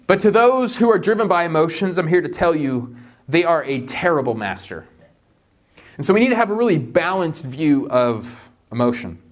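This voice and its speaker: Joking, animated man preaching. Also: moderate pace. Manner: animated and joking, voice jumping up high in playful asides. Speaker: pastor. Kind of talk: sermon.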